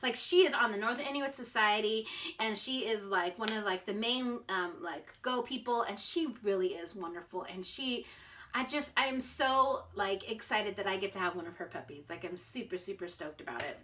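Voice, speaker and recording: A woman's voice: medium pitch, normal speed, sharp tone. An American woman vlogging in a bubbly, chatty way, full of filler words. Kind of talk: casual chat to camera.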